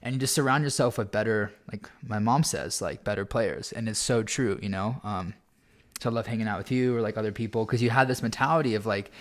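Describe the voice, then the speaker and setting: A young man from Arizona talks through a casual podcast chat, his voice sitting a little low. He is laid-back and loose, scattering filler words as he goes. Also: brisk. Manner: laid-back, heavy on "like" and "bro". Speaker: podcast host.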